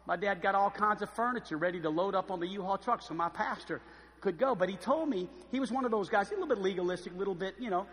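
A man preaching a sermon, telling lively stories and acting out the voices of the people in them. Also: sits high, long reverb tail. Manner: animated storytelling, acts out voices. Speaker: pastor. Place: church.

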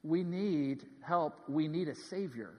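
A man in his thirties preaches with a high, bright-toned voice that carries through a large church sanctuary, and a long reverb trails each phrase. He tells stories earnestly, swinging from ringing emphasis to hushed asides. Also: takes it slowly. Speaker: pastor. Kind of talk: sermon.

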